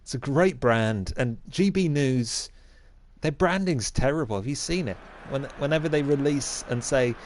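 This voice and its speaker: A young man commentating on a football game for laughs. His voice sits at an ordinary mid pitch, and he delivers mock-serious rants with mounting indignation. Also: moderate pace.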